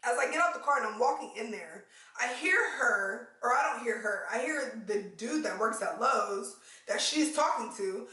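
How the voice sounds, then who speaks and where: A woman vlogger telling a story to her viewers in casual, animated talk, swearing now and then and calling them y'all. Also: on the high side, moderate pace, heavy reverb, far from the mic, rough recording.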